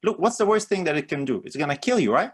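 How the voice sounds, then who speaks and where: A man's voice: on the high side, sing-song, quick pace, husky. A man preaching a sermon in an earnest manner, lifting his voice on key phrases and often repeating words.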